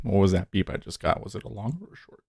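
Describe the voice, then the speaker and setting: A man's voice: deep voice, expressive, quick pace, gravelly, dark tone. Casual guy day trader on a stream, frustrated and cursing, voice swings up and down a lot. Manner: exasperated, swears, rants at charts. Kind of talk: casual livestream commentary.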